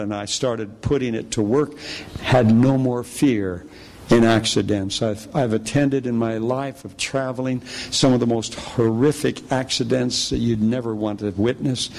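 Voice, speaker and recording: A man preacher telling a personal testimony in a sermon, animated storytelling that slips into the voices of the people in his story. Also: vocal fry. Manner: storytelling, acts out quoted voices with pitch jumps.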